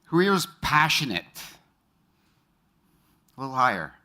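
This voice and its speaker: A middle-aged man gives a motivational talk on stage in front of a live audience, his mid-range voice bright and forceful with big pitch swings. He tells personal stories and quizzes the crowd with quick show-of-hands questions.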